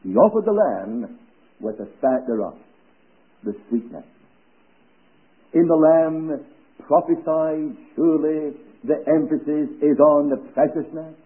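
A man delivers a church sermon in a fairly high voice, measured and deliberate, letting key phrases sink to hushed, low endings. The recording is thin and tinny, like a phone line. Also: lively intonation. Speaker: preacher. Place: church service.

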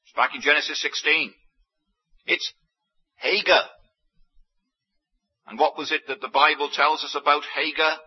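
Husky-voiced male preacher, emphatic delivery. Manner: emphatic, sweeping swings of pitch and loudness. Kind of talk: sermon. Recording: dull lo-fi sermon recording.

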